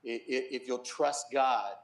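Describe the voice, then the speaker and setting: A middle-aged man speaks in an earnest, storytelling way, his voice sitting at an ordinary pitch for a man. He often drops softer when he quotes others. The sound is roomy, as if recorded in a reverberant studio. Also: unhurried. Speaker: pastor and guest. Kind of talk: personal testimony in a TV interview.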